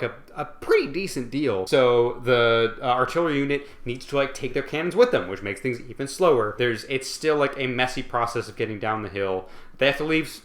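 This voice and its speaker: A man's voice: medium pitch, a bit bright, roomy sound. A tipsy man hosts a rambling, profane comedic book summary, loose and full of fillers. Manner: rambling, swearing, lots of fillers. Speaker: host.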